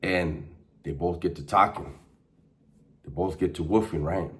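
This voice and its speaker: Deep-voiced laid-back man. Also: unhurried, a bit bright. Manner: laid-back, slangy, laughs while telling. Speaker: storyteller recounting prison life. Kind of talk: casual storytelling monologue.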